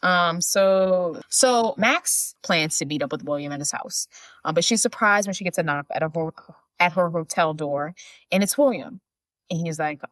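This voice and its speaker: Lower-pitched woman recapping a movie. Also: no room sound. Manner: animated, acts out characters' lines in quick bursts. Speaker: podcast co-host. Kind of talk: casual chat recapping a film.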